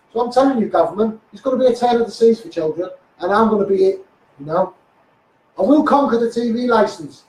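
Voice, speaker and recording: Ranting Scouse man, high voice, echoey. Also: a little mellow. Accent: Liverpool (Scouse). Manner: angry, swearing, repetitive asides to viewers. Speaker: self-styled activist livestreamer. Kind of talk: ranting Facebook live monologue. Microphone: phone. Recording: echoey room, far from phone mic.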